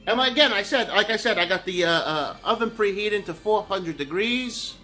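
At a moderate pace, this man's high, sharp, animated voice rambles through a casual home cooking video full of crude jokes for viewers. The camera catches him far from the mic in an echoey home kitchen, faint music playing in the background.

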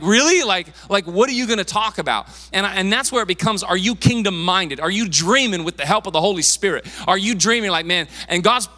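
A male pastor preaching a sermon in a church, casual and emphatic, with quick asides and repeated words. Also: high voice, sharp tone. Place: church sanctuary. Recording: long reverb of a church hall.

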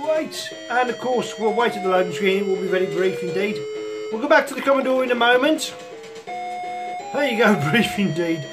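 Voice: mid-range voice, animated, normal speed. A retro gaming host who gives casual, chuckling commentary on his own play and often laughs at himself. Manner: chuckling often, self-mocking. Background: chiptune game music.

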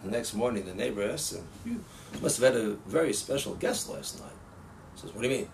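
Animated, gravelly male rabbi telling stories. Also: mid-range voice, a little fast. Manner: animated, laughs often, acts out quotes. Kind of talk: casual storytelling. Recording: distant mic with faint ambient noise.

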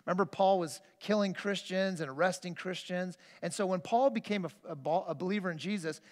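Male pastor, high voice, earnest storytelling sermon, long church-hall reverb. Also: a little fast. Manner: earnest, storytelling, frequent restarts. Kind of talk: conversational sermon with personal stories. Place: church sanctuary.

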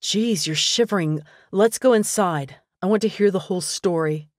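A loyal young male best friend, coaxing and blunt as he gives advice, voiced by a woman reading an audiobook. The voice sits low and sounds dry and close. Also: normal speed, no echo, natural voice. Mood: concerned. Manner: steady, coaxing and frank.

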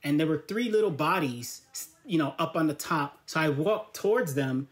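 A man's voice: fairly high pitch, normal speed, faint music behind. A man, a guest in an interview, talking casually about his work as an artist and educator, and telling his story with quoted dialogue. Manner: lively storyteller who acts out quoted dialogue.

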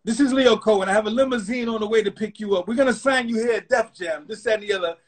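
A man imitating a brash, loud record executive. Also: high-pitched, fast, pitched above the performer's own voice. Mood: pushy. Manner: brash, dismissive and shouty. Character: loud arrogant male record label executive.

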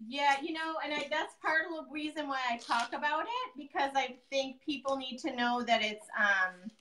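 A woman's voice: sits high, moderate pace, bright, forceful tone, slight background noise, poor audio. A woman in her thirties, a guest painter chatting casually on a live demo, joking and telling stories. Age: 30s.

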